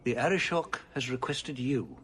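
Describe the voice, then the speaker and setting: An actor playing a weary, cautious older city ruler who speaks in a measured, formal way, in video game dialogue. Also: male voice, mid-range voice, expressive, fairly bright tone, slight background noise, close to an everyday voice. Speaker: city ruler addressing the hero.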